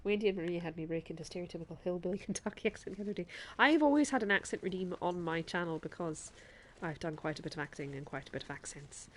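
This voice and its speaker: A chatty woman streamer with a lowish voice, talking over her gameplay in a put-on Irish lilt. She laughs easily and speaks straight to her chat between moves. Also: quick pace, few pauses. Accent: put-on Irish accent. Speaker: game streamer. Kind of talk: live gameplay commentary.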